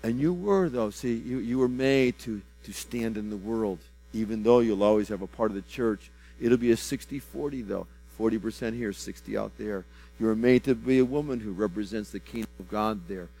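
A man in prophetic ministry speaks a personal word over someone. He is fervent and repeats phrases, swinging from loud bursts to soft, low drops and stumbling into restarts. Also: moderate pace, faint music behind, rough recording.

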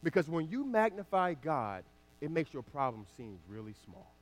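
A male pastor, perhaps in his thirties, preaching a sermon that moves between loud emphatic passages and a quiet, chatty personal story. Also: on the high side, sing-song, moderate pace.

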